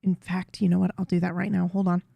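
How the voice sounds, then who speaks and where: Low gravelly-voiced woman streamer. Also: level tone, fast, no room sound, muffled recording. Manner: chatty, greets chat members, rambles with small restarts. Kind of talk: casual livestream chat to viewers. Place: home room with a cat tree.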